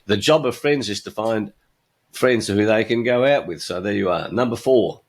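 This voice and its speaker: Lowish-voiced man hosting a podcast. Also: moderate pace. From Australia. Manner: chuckles at his own jokes, blunt. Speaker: podcast host. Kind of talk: opinionated monologue with jokes.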